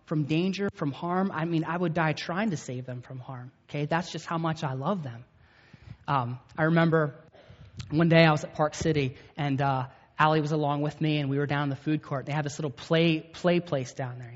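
Conversational male pastor in an echoey hall. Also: a little high. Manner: conversational, storytelling, checks in with the audience. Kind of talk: sermon. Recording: echoey hall, dull lo-fi sound.

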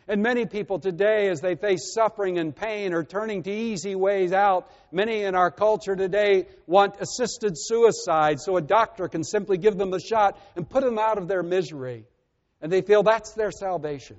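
A man preaching a sermon as pastor, earnest and measured, often letting his voice sink softly at the ends of phrases. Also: sits high. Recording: muffled with long reverb.

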